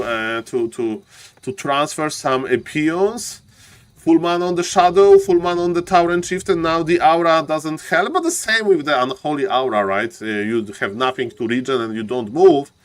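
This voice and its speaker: A man casting a live strategy game, excitable and joking, often addressing ladies and gentlemen. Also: on the high side. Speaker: esports caster.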